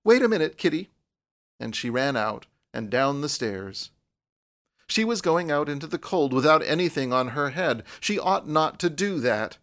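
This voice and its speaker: A man narrating a storybook in a measured, even way, with a voice that sits at an ordinary middle pitch for a man. The delivery is steady, unhurried reading. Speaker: audiobook narrator. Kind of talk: scripted narration.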